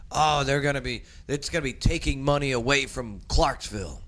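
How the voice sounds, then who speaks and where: A man's voice: mid-range voice, normal speed. A man hosting a casual talk show, joking and chatting while tasting food. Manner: lively, joking, talks with mouth full. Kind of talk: casual chat.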